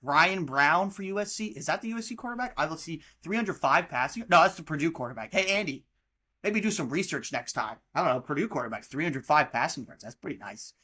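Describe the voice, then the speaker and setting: A man's voice: fairly high pitch, expressive, a little fast, bright, forceful tone, breathy edge. A young American man in his twenties hosting a casual podcast, ranting heatedly about college football and mocking teams with plenty of swearing. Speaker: podcast host. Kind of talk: casual sports rant.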